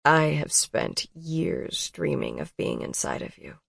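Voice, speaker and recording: Woman reading a young man in a romance, tender, low, soft, dry sound. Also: wildly swooping pitch, slow, creaky, breathy edge, no room sound, exaggerated voice. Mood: earnest.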